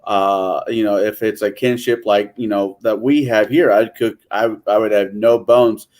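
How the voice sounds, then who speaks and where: A man's voice: lowish voice, fairly even intonation, a little slow, darkish tone. A man in a casual late-night chat who talks bluntly and swears freely. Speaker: podcast co-host.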